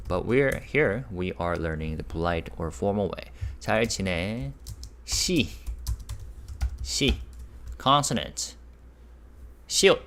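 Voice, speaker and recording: A man with a deep voice leads a casual online language lesson. He explains patiently, repeats each example and keeps checking in with the viewers. His voice springs upward whenever he stresses a new word. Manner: lively, pitch jumps up on key words. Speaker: Korean language teacher.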